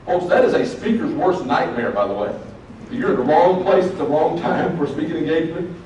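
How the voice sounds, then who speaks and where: Earnest motivational speaker in an echoey hall. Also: male voice, on the high side, animated, brisk, a little mellow. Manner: earnest, folksy, addresses audience directly. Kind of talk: motivational speech to students. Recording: very echoey, distant mic, faint noise.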